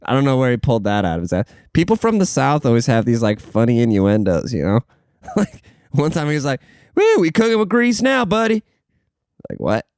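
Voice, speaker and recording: A man's voice: lowish voice, dark tone, smooth, no room sound, studio quality. A young man hosting a podcast, rambling and swearing through casual stories, laughing at himself and saying he is tired. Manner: rambling, profane, laughs at his own stories. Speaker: podcast host.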